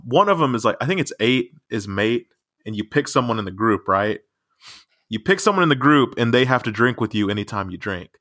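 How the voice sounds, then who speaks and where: A young man trading jokes on a casual podcast, his voice bright and his pitch swooping widely. He laughs often and keeps an easy, playful flow. The sound is close and dry. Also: no room sound. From raised in the countryside. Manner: animated, joking, laughs often. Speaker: podcast co-host.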